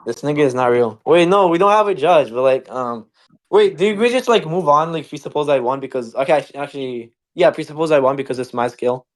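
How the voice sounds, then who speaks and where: A man's voice: on the high side, expressive, brisk. Profane, rambling young man debating. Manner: heated, profane, rambling with many fillers. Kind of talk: casual online voice-chat debate.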